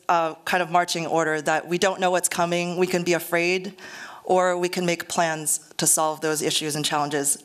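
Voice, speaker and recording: A middle-aged woman gives a lecture to a live audience in an earnest, conversational way, with a dry joke here and there. Her voice sits on the low side and comes across smooth and clear. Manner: earnest, conversational, self-deprecating humor. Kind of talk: public lecture.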